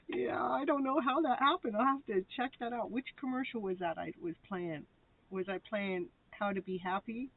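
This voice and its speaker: A woman's voice: mid-range voice, normal speed, dry recording. A woman hosting a live tarot show, chatting casually with viewers and laughing often as she rambles. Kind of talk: casual live-stream chat. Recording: tinny phone-like sound.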